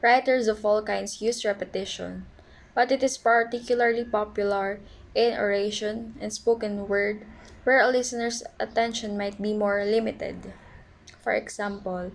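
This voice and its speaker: A woman's voice: medium pitch, steady tone, moderate pace, vocal fry, slight background noise, rough recording. A woman reading out a class report on poetic sound devices from notes, with small stumbles. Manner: reads definitions aloud from notes, small stumbles. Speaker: student presenter.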